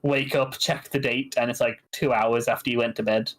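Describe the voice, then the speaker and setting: A man's voice: medium pitch, steady tone, moderate pace, low-quality recording. A man narrating as game master of a tabletop game, laughing often as he describes what happens.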